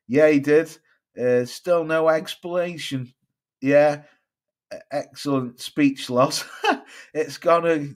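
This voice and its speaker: A middle-aged British man hosting a boxing live stream, talking bluntly and swearing as he reads out viewer comments. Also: fairly high pitch. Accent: British English. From United Kingdom. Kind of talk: casual live-stream chat reading comments.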